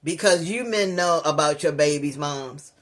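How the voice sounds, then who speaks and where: A slightly high-voiced man runs a reaction channel, chatting straight to his viewers in a loose, casual way. He pokes fun at the clip he is watching and lectures his audience between jokes. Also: normal speed, a bit bright. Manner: mocking, laughs at the clip, addresses viewers as y'all. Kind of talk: reaction commentary.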